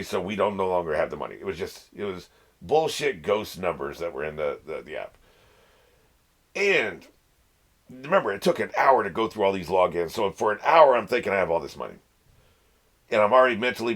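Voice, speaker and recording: Wry husky-voiced man telling a story. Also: fairly low pitch, fairly bright tone. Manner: wry, self-deprecating, profane, rambling with restarts. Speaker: podcast host. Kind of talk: casual storytelling monologue.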